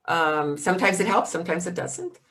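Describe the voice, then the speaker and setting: Soft-spoken woman, hesitant workshop speaker. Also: on the low side, a little fast. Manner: hesitant, many ums and restarts; acts out gentle caregiver phrases. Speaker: dementia specialist. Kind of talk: workshop answering questions.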